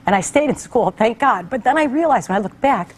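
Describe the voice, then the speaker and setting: A woman's voice: a little high, fairly quick, husky. A middle-aged woman talk show host telling a heartfelt personal story in a conversational way, acting out the people she quotes. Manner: conversational, animated quoted voices.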